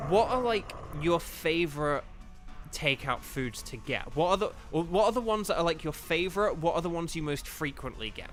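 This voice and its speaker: Bright-voiced chatty male streamer. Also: on the high side. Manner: rambling, chatty, thinks aloud with many "like"s. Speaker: streamer and voice actor. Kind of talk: casual live-stream chat while gaming.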